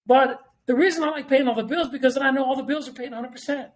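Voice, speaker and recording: Middle-aged male podcast guest, very high voice, rapid-fire blunt delivery full of cursing and repetition. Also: fairly even intonation. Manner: blunt and profane, repeats points for emphasis. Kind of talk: casual podcast talk.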